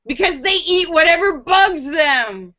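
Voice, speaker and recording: A woman's voice: extremely high pitch, expressive, a little slow, sharp tone, muffled recording. A woman hosting a casual live stream, reading out viewers' jokes and laughing at them. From United States. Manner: giggly, laughs at her own jokes.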